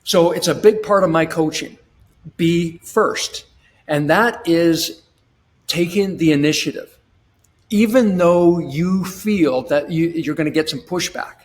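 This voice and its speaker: A man with a fairly high speaking voice explains his coaching ideas in a podcast interview. He restarts sentences often and slips into acted-out little scenes. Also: slow pace. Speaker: relationship coach.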